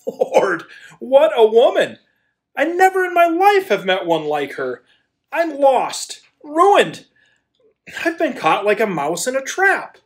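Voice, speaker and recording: An actor in a community audio play playing a hot-tempered landowner who stammers and then bursts into pleading declarations of love. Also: male voice, a little high, very animated, slow, pauses often. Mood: passionate. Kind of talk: amateur radio play acting.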